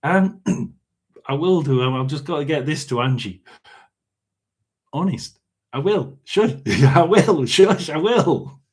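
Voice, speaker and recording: Slow, halting man reading tarot. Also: fairly high pitch, lively intonation. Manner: rambling and halting, with frequent ums and throat clearing. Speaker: tarot and spirit box reader. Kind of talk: casual livestream reading.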